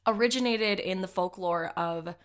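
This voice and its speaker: A woman's voice: mid-range voice, moderate pace. A woman co-hosting a comedy podcast, chatting casually in a giggly, rambling, jokey way. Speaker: podcast co-host.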